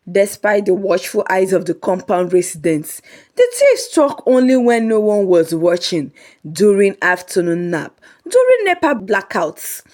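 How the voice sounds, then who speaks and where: A woman narrating a comic folk story in a lively, humorous way. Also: mid-range voice.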